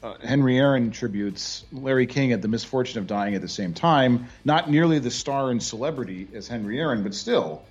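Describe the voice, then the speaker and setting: A man's voice: medium pitch, animated, brisk, few pauses, a little mellow, slightly rough, faint music behind. A man co-hosting a sports podcast, making his case in casual chat. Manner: opinionated, arguing his case. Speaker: podcast co-host. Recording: dull lo-fi sound.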